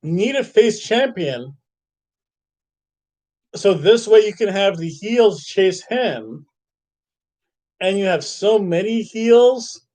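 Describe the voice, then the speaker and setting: A man's voice: high voice, animated, slow pace, pauses often, darkish tone, rough recording. A man hosting a wrestling review podcast, chatting casually and thinking aloud, often restarting his sentences. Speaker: podcast host.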